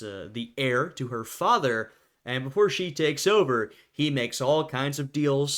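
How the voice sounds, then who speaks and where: A man's voice: mid-range voice, a bit bright. A young man, the host, giving casual commentary on a video and thinking aloud as he talks. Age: young adult. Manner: conversational, thinking aloud with fillers and restarts.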